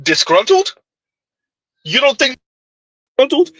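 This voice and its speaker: Delivering fiery reaction commentary, a man with a husky, high voice throws out sneering rhetorical questions with huge swings in pitch. His tone is bright and forceful and his pace measured, on a dry, close, low-quality recording with no echo.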